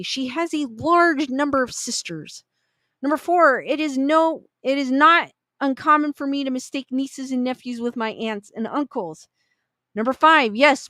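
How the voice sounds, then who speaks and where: A woman's voice: high voice, bright, forceful tone, no echo. A woman reading online ghost stories aloud in a casual, chatty way, with little asides. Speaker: story reader.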